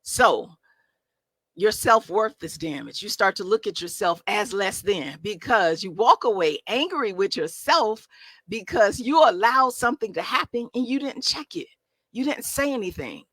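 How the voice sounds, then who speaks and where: Woman, life coach, motivational talk, bright forceful voice, emphatic, colloquial, dry close sound. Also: mid-range voice, lively intonation, unhurried, no room sound. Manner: emphatic, preacher-like delivery with rhetorical questions; colloquial, conversational phrasing. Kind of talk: motivational talk to a live audience.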